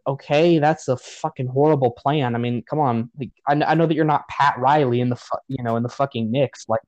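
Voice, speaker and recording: A man's voice: medium pitch, steady tone, fairly quick, darkish tone, dry recording, poor audio. A man on a podcast giving a profane, sarcastic rant about a movie in casual chat. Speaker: podcast host.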